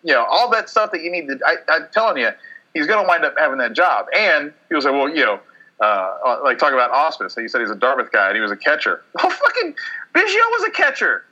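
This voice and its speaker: A man's voice: a little high, lively intonation, quick pace, sharp tone, muffled recording. A man hosting casual sports talk on the radio, loose and joking, swearing with lots of fillers.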